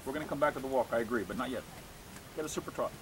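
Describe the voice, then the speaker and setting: A man's voice: medium pitch, very fast, noisy background. A man coaching a dressage lesson, giving short commands and encouraging praise. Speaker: riding instructor.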